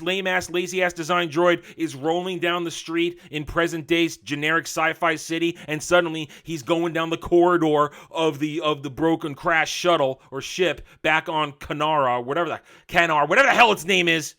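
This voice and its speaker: A man ranting angrily in a show review, sarcastic and mocking, swinging from loud outbursts to low muttering.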